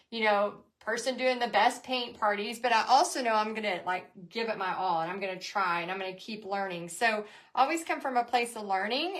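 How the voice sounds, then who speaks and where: A woman's voice: on the high side, fairly bright tone. A woman hosting a live painting lesson and business coaching session, chatting in a bubbly, gushing way.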